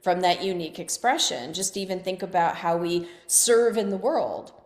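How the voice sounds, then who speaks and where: Brief: lower-pitched woman guest, chatty and animated storyteller, roomy echo on the voice. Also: normal speed. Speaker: coach and guest. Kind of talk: casual interview talk.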